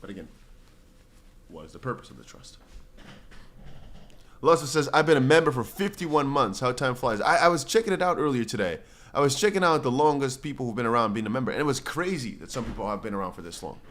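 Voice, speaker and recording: A man's voice: mid-range voice, big pitch swings, quick pace, long pauses, a bit bright, a little hiss or hum. A man hosting a casual crypto livestream who reads out viewer comments and rambles freely. His voice sits in an ordinary middle range, and he often restarts his sentences and drifts into playful asides.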